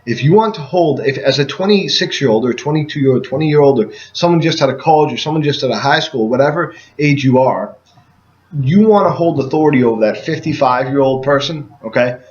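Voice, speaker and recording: A man's voice: medium pitch, expressive, a little fast, dull audio. A man giving a casual sales training talk to door-to-door canvassers. He speaks emphatically and keeps checking in with "okay?" after each point.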